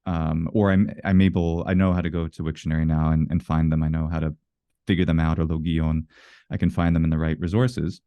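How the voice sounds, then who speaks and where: A man's voice: very deep voice, flat delivery, fairly quick, smooth, dry recording, muffled recording. A man being interviewed in a casual conversation, explaining his views at length with earnest self-corrections. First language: English. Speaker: interview guest.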